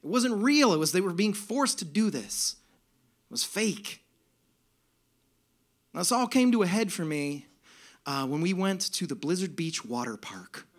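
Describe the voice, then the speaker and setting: A man telling a comic personal story live on stage, in an animated, self-mocking way. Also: high-pitched, measured pace, pauses often. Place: stage at a music venue.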